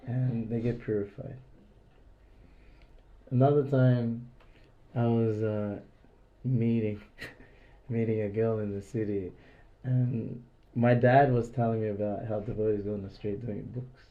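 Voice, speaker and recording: A man's voice: medium pitch, dark tone, dull audio. A man giving an informal devotional class in a house, telling rambling stories full of "like" fillers and acting out the dialogue. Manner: rambling storyteller, many "like" fillers, acts out dialogue. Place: indoors in a private house.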